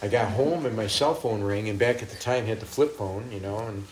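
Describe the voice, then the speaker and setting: A middle-aged man, a traveling minister, telling lively stories in a conversation and acting out the people he quotes. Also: on the low side, fairly quick. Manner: animated, laughing, acts out quoted voices. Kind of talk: storytelling in a conversation.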